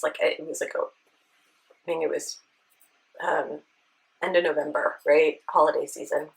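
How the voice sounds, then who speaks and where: A woman with a lowish voice tells a personal story to her camera in an earnest, searching way. She often checks in with the listener, and her voice stays close to tears. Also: creaky, bright, forceful tone, rough recording. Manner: earnest, tearful at times, with rhetorical "right?". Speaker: beauty vlogger.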